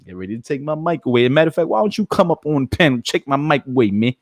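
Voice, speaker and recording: A man's voice: mid-range voice, very animated, rapid-fire, dry recording, studio quality. A man, hosting a casual live stream, brash, profane and joking as he talks to his chat.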